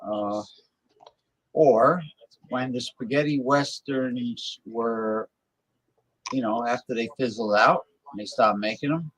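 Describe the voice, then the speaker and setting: A man's voice: mid-range voice, takes it slowly, pauses often, husky, dry recording, rough recording. A man hosting a casual talk show, rambling and sometimes losing his train of thought. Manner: loud playful calls to listeners. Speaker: show host. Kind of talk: casual chat.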